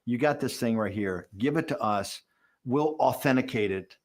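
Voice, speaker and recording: A man's voice: medium pitch, normal speed, a little mellow. A man in his sixties giving a candid documentary interview, telling a story with animation and acting out quoted dialogue. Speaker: interview guest.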